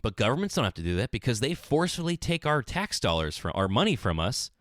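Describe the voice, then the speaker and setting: Animated, exasperated podcast host. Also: male voice, medium pitch, fast talker, no room sound, studio quality. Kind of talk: solo ranting podcast monologue. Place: small closet.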